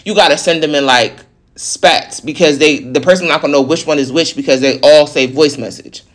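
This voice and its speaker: Blunt, profane vlogger venting a story. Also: medium pitch. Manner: fast, run-on delivery. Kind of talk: casual storytelling rant.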